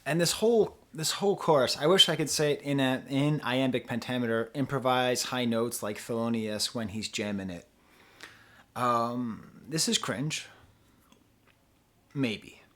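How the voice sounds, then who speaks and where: A man's voice: mid-range voice, a bit bright. A young man talking through an album review off the cuff, with rambling asides and self-interruptions. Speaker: music reviewer. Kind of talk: casual unscripted review.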